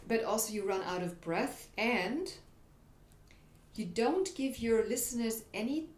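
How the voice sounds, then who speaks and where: A woman's voice: on the high side, a little slow. Woman voice coach in a roomy space. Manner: explanatory, demonstrates examples. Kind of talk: instructional talk on vocal habits. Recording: roomy echo, faint background noise.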